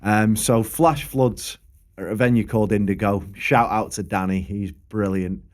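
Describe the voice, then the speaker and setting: A man's voice: lowish voice, fairly even intonation, measured pace. A young man who tells sweary stories as a podcast co-host. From Preston area, England. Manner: sweary, laid-back anecdotal. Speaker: podcast co-host, local musician. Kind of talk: casual storytelling chat.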